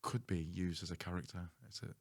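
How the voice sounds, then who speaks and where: A very low-pitched man hosts a podcast. His voice has a gravelly, fried edge, and he tells his stories in a loose, chatty way with the odd casual swear. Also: brisk. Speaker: podcast host. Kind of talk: casual storytelling chat.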